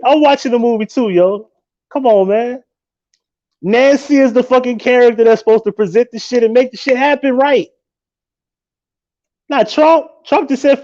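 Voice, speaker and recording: A man hosting a live stream, ranting loudly and mockingly with a lot of swearing. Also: very high voice, normal speed, long pauses, highs cut off. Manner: profane, loud and mocking. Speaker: livestream host. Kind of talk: casual live-stream rant.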